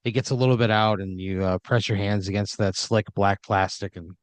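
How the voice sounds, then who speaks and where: A man's voice: fairly low pitch, steady tone, fairly quick, no room sound. Rambling man narrating an improvised story. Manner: rambling, loose, full of fillers and restarts. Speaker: storyteller running the scene. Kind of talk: improvised horror comedy narration.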